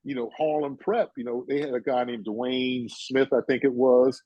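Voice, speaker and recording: Male guest, 60s, from New York; meandering storyteller, husky mid-pitched voice. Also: fairly even intonation, normal speed, dark tone, dry recording, highs cut off. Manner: rambling, full of "you know" and "uh". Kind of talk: casual storytelling chat.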